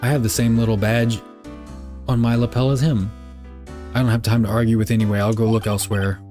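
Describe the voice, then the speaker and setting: A man's voice: mid-range voice, fairly even intonation, brisk, over music. A young man streaming a game live, reading the dialogue aloud and cracking crude jokes. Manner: joking, crude asides.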